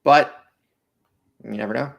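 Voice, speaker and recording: A man's voice: mid-range voice, a little slow, creaky, highs cut off. A man co-hosting a casual podcast, teasing and joking with his co-hosts. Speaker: podcast co-host.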